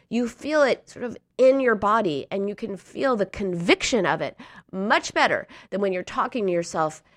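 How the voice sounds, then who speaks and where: A woman's voice: medium pitch, fairly bright tone, dry recording, clean studio sound. A woman giving an earnest, encouraging coaching talk to listeners, now and then acting out a harsh inner voice. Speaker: speaker on emotional eating.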